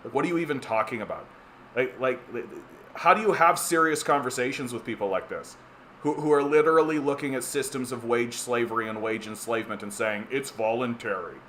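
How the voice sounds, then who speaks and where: Canadian guy rambling on his stream, sarcastic, lots of uh and restarts, mid pitch, bit of background hiss. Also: fairly quick, a bit bright. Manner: rambling, many restarts and fillers, sardonic. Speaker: livestream host reading chat. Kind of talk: casual political livestream chat.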